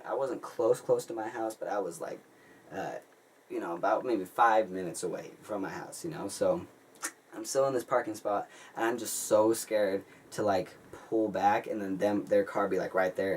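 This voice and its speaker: Brief: young male vlogger, lowish voice, excitable rambling storyteller, recorded from a distance. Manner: rambling, excitable, heavy use of "like". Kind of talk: casual storytelling. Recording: distant mic with faint ambient noise.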